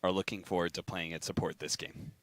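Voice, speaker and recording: A man casting a video game match, trading playful banter and quick analysis with a co-caster. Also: low-pitched, little pitch movement, fairly bright tone, dry recording. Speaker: esports caster. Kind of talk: casual game commentary.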